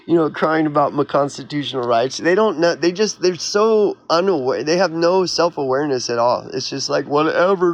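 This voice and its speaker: A man's voice: on the high side, dull audio. A man from Oklahoma, a YouTuber, delivering a heated, sarcastic vlog rant in a mocking, exasperated manner. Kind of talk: ranting vlog monologue.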